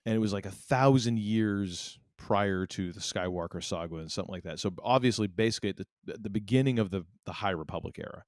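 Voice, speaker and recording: Low-voiced man in rambling podcast chat. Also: no room sound, clean studio sound. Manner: rambling, animated, quick laughs. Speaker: podcast co-host. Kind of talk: casual chat.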